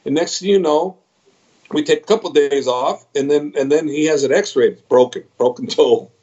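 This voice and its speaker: A middle-aged man, an MMA trainer, telling a story on a podcast over a video call, animated and quoting his own reactions. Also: a little high, moderate pace. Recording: slightly dull video call audio.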